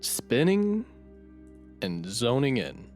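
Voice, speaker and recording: Midwestern woman co-host, swooping lively pitch, quick reactive asides, faint music. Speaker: podcast co-host. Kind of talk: casual history chat.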